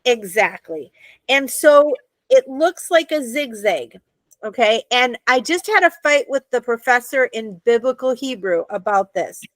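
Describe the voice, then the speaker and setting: A woman's voice: a little high, expressive, measured pace, no room sound. Upbeat American woman teaching a class. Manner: patient, checks understanding often. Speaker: Hebrew teacher.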